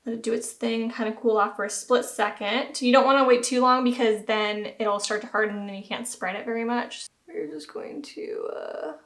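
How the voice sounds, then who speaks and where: With barely any pauses, a young Southern woman talks at a moderate pace in a high-ish, somewhat bright voice. She's a beauty vlogger, chatty, giggly and self-deprecating, recorded in a roomy, echoing room.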